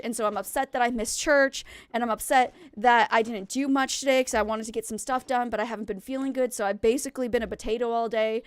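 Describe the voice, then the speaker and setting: Young female game streamer, higher voice, dry close sound, rambling chatty vent. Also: clear, resonant tone, dry recording. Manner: rambling, venting, talks to chat while playing. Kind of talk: casual chat while gaming.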